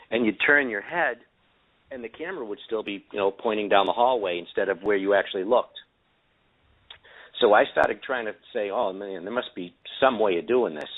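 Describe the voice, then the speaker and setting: A man calling in as a guest, telling a story in a rambling way with many fillers and restarts. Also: on the low side. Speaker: guest inventor of camera glasses. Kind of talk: casual storytelling on a call-in show. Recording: tinny phone line.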